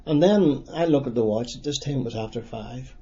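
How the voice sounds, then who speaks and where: A man in his sixties with a Derry accent, recalling past events in a halting, plain-spoken way during an oral history interview. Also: medium pitch, mellow. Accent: Northern Irish, Derry. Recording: dull lo-fi recording.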